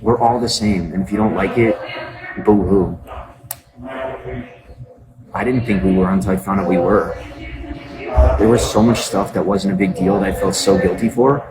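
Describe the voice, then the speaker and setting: A man's voice: deep voice, fairly even intonation, normal speed, long pauses. A man hosting a casual livestream from his phone, rambling to his viewers with lots of fillers and asides. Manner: rambling, filler-heavy, repeats "just saying". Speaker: livestream host.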